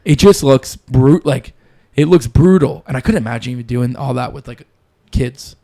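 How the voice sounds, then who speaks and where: A man's voice: medium pitch, normal speed, creaky, warm tone. Profane, laid-back man hosting a podcast. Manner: loose, profane, storytelling. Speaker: podcast host. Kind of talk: casual chat.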